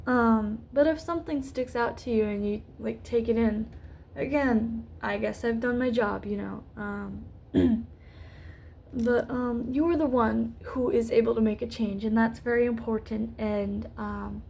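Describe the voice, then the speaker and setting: Slow-talking young woman rambling in a vlog. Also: a little high, steady tone, gravelly, darkish tone, a little hiss or hum. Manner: rambling, hesitant, many fillers and restarts. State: losing her voice. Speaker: YouTuber. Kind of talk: rambling unscripted vlog talk.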